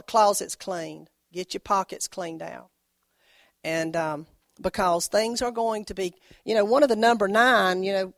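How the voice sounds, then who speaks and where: A woman from the United States preaching a prophetic sermon, fervent and exhorting, swinging between soft and loud. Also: on the high side, gravelly, dry recording, clean studio sound.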